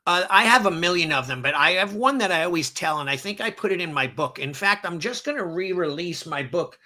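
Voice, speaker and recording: A middle-aged man speaks in a bright, slightly raised voice, chatting casually on a podcast. He tells stories with animation, acting out the people in them. His delivery stays easygoing and conversational. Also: high-pitched, brisk. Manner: animated storyteller who acts out quoted voices. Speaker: martial arts instructor, podcast guest. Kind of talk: casual storytelling. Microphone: seen on video, holds up books to camera.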